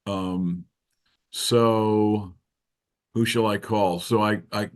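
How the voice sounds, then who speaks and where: A man's voice: on the low side, steady tone, very slow. A man guest in an interview, telling a story casually and acting out the quoted voices. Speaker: interview guest, keyboard musician.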